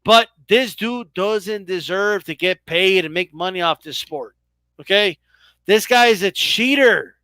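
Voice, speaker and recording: High, bright, exasperated man ranting. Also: clear, resonant tone, no room sound. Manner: exasperated, rapid, sarcastic rants. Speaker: boxing commentator. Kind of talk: heated live-stream chat.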